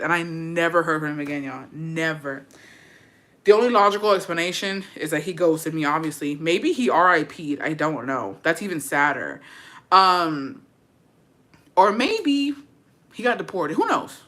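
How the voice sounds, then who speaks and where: A woman's voice: low-pitched, lively intonation, normal speed, fairly bright tone. A young adult woman telling a story in a casual vlog chat, brash and profane, dramatic, and dropping in Spanish phrases. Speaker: vlogger.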